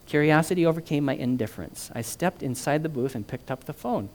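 A man reading a first-person story aloud with lively delivery and brief spoken asides. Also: on the high side, quick pace, hardly any pauses. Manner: animated, acts out the dialogue.

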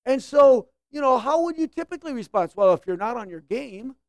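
Conversational woman preacher, fairly high voice. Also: expressive, brisk, a little mellow, dry recording. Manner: conversational, acts out quoted lines with shifting voices; checks in often with "okay?". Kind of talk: sermon teaching.

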